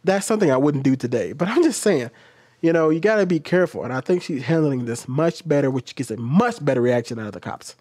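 A man's voice: fairly high pitch, lively intonation, quick pace, a little mellow, no room sound, clean studio sound. A man giving casual, reflective commentary on a video. He sometimes acts out quoted comebacks in a raised voice.

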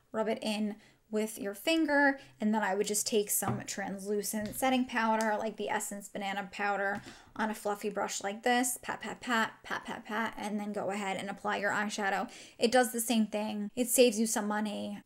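A woman with a slightly high voice hosts a casual beauty vlog, reviewing makeup products. She talks in a chatty, enthusiastic way and walks the viewer through each item as she demonstrates it. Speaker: beauty vlogger.

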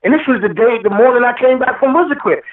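Speaking high for a man, a rapper guest vents in an impassioned interview, preaching, quoting scripture, and heatedly pressing his points again and again. He's animated and fast, and his voice arrives through a tinny, distant, echoey phone line.

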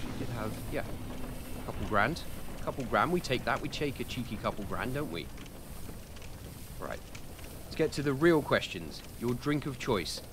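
A man's voice: medium pitch, animated, normal speed, pauses often, noisy background. A young British man streaming a game, rambling casually with lots of ums and self-deprecating jokes while he answers chat. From United Kingdom. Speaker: gaming streamer. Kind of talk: casual live-stream commentary while playing.

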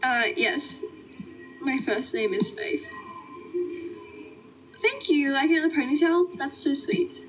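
High-voiced young Australian woman livestreaming. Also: animated, takes it slowly, pauses often. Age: young adult. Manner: friendly, reads out and answers viewer comments. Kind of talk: casual livestream chat. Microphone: phone. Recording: dull lo-fi phone stream, faint music.

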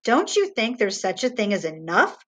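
Woman voicing a firm storybook father, lecturing, animated delivery. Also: medium pitch, moderate pace. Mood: stern. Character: stern middle-aged father, cross with son.

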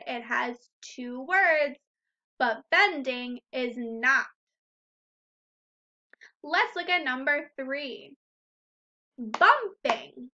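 Slow, bright-voiced woman teaching phonics. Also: high voice, muffled recording. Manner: slow, deliberate, sounding out words and syllables. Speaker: first-grade teacher. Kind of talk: recorded phonics lesson for young children.

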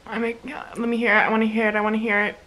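Gushing young woman, slightly high voice. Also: racing, rough recording. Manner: gushing, excitable, repeats herself, many fillers. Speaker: vlogger reacting to music. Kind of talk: casual reaction chat. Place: at home.

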